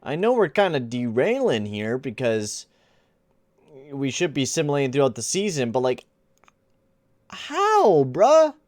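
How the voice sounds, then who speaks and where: A man's voice: medium pitch, very animated, moderate pace, a little mellow, dry recording, clean studio sound. A young man giving casual gameplay commentary, rambling and exasperated, full of slang like "dude" and "bruh". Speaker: gaming channel host.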